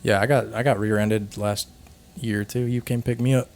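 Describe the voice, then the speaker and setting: A man's voice: lowish voice, little pitch movement, normal speed, darkish tone. A young man co-hosting a podcast in a laid-back, casual chat full of "like" and "dude". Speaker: podcast co-host. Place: from Phoenix.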